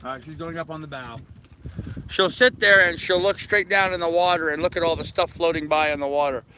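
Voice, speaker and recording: An older man with a bright, forceful voice rambles in a folksy, easygoing way, live-streaming from his sailboat deck. His voice sits a little high for a man. Faint outdoor noise drifts behind him. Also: a little fast. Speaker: sailing vlogger. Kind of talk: casual live-stream chat.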